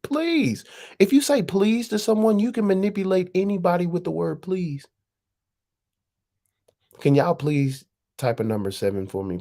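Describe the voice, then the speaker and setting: Woman live-stream host, husky low voice, swears and asks question after question. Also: mellow. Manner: profane, rapid-fire rhetorical questions. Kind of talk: casual live-stream monologue.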